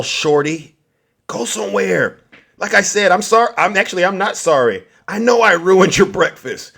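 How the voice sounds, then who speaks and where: A man hosting a political livestream, loudly taunting and mocking his viewers. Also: high voice, animated, moderate pace, vocal fry. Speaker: livestream host.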